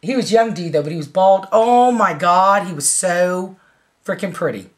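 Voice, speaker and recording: A woman's voice: fairly low pitch, normal speed, warm tone. A woman in her forties telling a story in a casual, blunt way, swearing freely and laughing along. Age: 40s. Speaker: vlogger.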